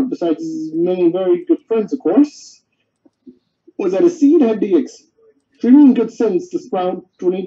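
A man reading a children's storybook aloud, gentle and expressive. His voice rises and falls in a lively way. The sound is dull and lo-fi, like a home recording. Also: sits high. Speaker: story reader.

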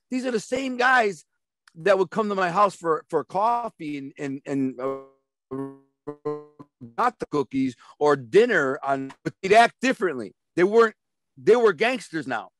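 A man's voice: on the high side, animated, moderate pace, fairly bright tone, dry recording, studio quality, faint music behind. A man telling stories as an interview guest, blunt and streetwise, rambling and repeating words as he goes. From Detroit. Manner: rambling, repeats words, acts out quoted voices. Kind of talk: storytelling in a casual interview.

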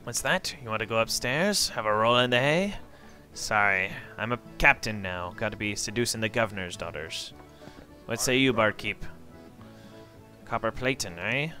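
A man's voice: lowish voice, animated, moderate pace, sharp tone, faint music behind. A man voicing a boastful, crude male pirate captain with brash, bawdy pirate talk.

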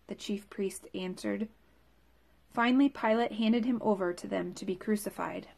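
Woman scripture reader, clear measured delivery, mid-range voice. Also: mid-range voice, a little mellow. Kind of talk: scripture reading.

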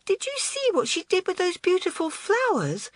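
A woman voicing a hot-headed, excitable schoolgirl who talks in an eager, impulsive rush. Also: extremely high pitch, normal speed, dry recording, studio quality, voice pushed up, full character voice. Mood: indignant.

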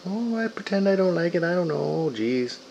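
Gravelly man teasing his pets playfully. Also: high-pitched, lively intonation, fairly quick, darkish tone, dull audio, slight background noise. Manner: playful, teasing, sing-song baby talk to animals. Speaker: pet owner filming his animals. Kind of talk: casual talk to pets behind the camera. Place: home and yard with pets and chickens. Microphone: handheld camera mic.

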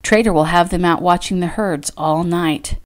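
A kindly ranch woman who comforts with soothing, matter-of-fact words, as a woman reading her novel puts her on. Her voice is lowish and gentle in this storybook reading. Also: moderate pace, natural voice. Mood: reassuring.

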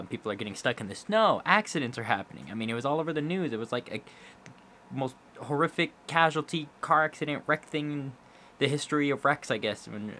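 A man's voice: medium pitch, bright, forceful tone, slight background noise. A young man from Kansas chatting casually for his vlog, rambling and joking. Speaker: vlogger.

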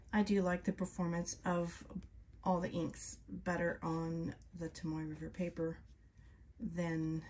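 Soft-spoken, slow-talking woman swatching inks. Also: on the low side, a little hiss or hum. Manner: chatty, soft-spoken, drifts into whispers. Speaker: ink reviewer. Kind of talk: casual chat while swatching ink.

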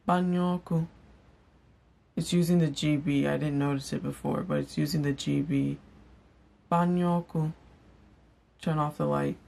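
A young woman giving a casual vlog language lesson, repeating each word slowly for learners. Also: low-pitched, creaky, a little mellow. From Igbo household in Nigeria. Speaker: language teacher. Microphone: on-camera mic.

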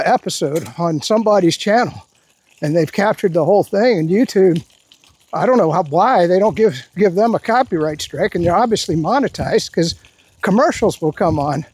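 A man with a fairly high, husky voice talks politics in a rambling, indignant way, often restarting his sentences. He is outdoors walking his dog, and the sound is close and dry. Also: darkish tone, dry recording. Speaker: political commentary vlogger. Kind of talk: casual political rant while walking.

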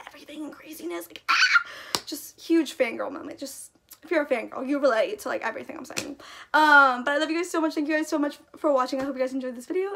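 A young woman gushing in a casual vlog, full of "like" and excited outbursts about how she feels. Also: high-pitched, vocal fry. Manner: gushing, breathless fangirl talk packed with "like". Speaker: YouTuber.

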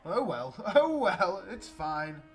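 A young man giving excitable, chatty commentary while playing a strategy game. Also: sits high, slow pace, over music. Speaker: let's play gamer. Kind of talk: gameplay commentary.

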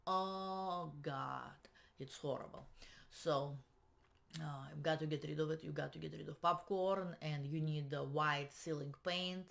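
A woman's voice: low voice, measured pace, creaky, a bit bright. A woman with a Russian accent, a realtor and YouTuber, giving chatty, practical advice on getting a house ready to sell, with a self-mocking humor. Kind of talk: casual home-selling advice vlog.

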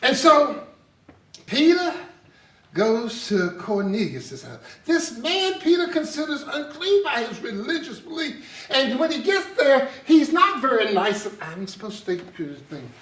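A man preaching an animated sermon in a church, storytelling with laughter. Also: extremely high pitch, measured pace. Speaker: pastor. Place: church sanctuary. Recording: echoey sanctuary, distant mic.

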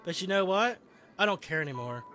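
A man voicing a softly obsessive teenage girl. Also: sits high, animated, fairly quick, soft background music. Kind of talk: voicing game dialogue.

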